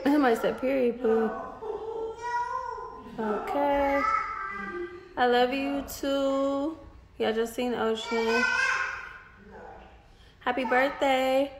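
A woman's voice: sits high, steady tone, slow, long pauses, reverberant, very noisy. A mother hosting a casual phone livestream, playful and laughing as she coaxes her toddler.

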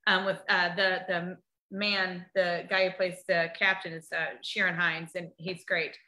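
A woman's voice: fairly low pitch, flat delivery, a little slow, bright, forceful tone, echoey room. A woman co-hosting a podcast, chatting casually and telling stories with many restarts. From United States. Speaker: podcast co-host. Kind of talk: casual chat.

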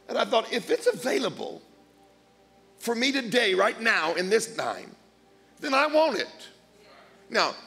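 A man preaching as a guest speaker, blunt and emphatic, swinging between quiet asides and loud declarations. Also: extremely high pitch, gravelly. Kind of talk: sermon.

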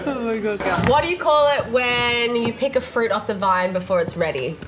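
A woman's voice: a little high, animated, normal speed, over a noisy crowd. A young woman trading jokes in casual banter, giggly and often breaking into laughter. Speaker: joke teller in a laugh challenge. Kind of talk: casual joke-telling banter. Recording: loud music bed.

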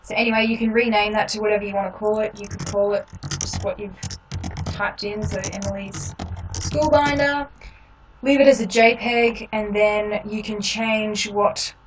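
A woman hosting a step-by-step software tutorial, explaining each click in a relaxed way with frequent ums. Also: medium pitch, moderate pace, distant mic, over music, low-quality recording. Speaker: tutorial host.

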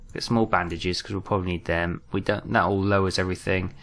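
A British gaming commentator narrates his own gameplay in a deep, steady, slightly bright voice, talking fast. He is jumpy, muttering to himself and making self-mocking asides.

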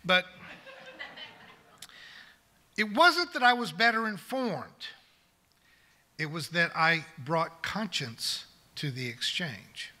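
Bright-voiced older male pastor preaching. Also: high-pitched, expressive, slow. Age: 60s. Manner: earnest, building to emphatic declarations. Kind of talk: sermon. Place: church sanctuary.

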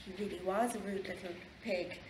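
A woman with an Irish accent reading a picture book aloud to children in a library, slow and expressive. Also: medium pitch. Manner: slow, expressive, lively storytelling. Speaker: library storyteller. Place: library room. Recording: echoey library room, faint background noise.

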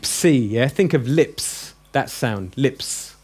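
Chatty man teaching a class. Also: medium pitch. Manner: chatty and joking, drills letters slowly. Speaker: Greek teacher. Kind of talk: classroom lesson. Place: classroom with a group.

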